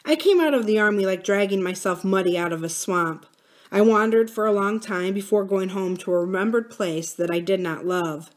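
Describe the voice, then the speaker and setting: Brief: woman reading a quiet, troubled young man, earnest and confiding. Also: high-pitched, moderate pace, natural voice.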